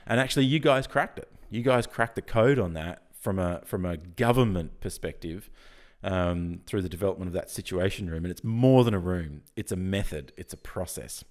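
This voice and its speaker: Deep-voiced male podcast guest, croaky, energetic, prone to restarts. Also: normal speed. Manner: energetic, restarts often, laughs easily. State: croaky from early morning. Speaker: guest, software founder. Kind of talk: casual podcast interview.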